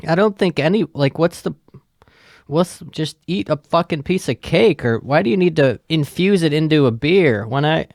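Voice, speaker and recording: A man's voice: fairly high pitch, expressive, moderate pace, a little mellow, dry recording, studio quality. A middle-aged man hosting his own podcast, ranting casually and profanely in a rambling, mocking way. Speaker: podcast host. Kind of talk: casual solo podcast rant.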